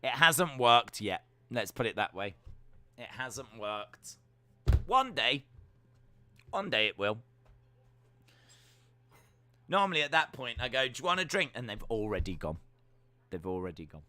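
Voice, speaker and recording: A British man hosting a live stream, reading viewer comments aloud and answering them with teasing, deadpan jokes. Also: mid-range voice, a little slow, long pauses. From United Kingdom. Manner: jokey, teasing, deadpan banter.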